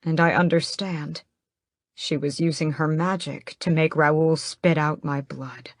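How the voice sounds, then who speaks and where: A woman narrating a first-person fantasy audiobook in a measured, steady way, close to the mic. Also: low voice, dry recording.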